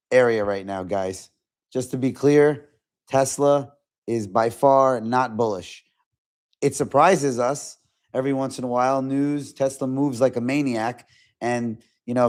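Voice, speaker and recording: A man hosting a casual stock trading livestream, talking in a fast conversational way with lots of fillers and restarts. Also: medium pitch, darkish tone. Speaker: stock market livestream host.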